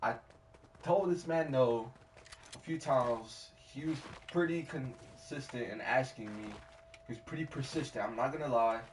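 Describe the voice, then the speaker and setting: A man's voice: mid-range voice, normal speed. A man streaming a game while telling a rambling, slangy, profane story in casual chat. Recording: distant mic with faint noise.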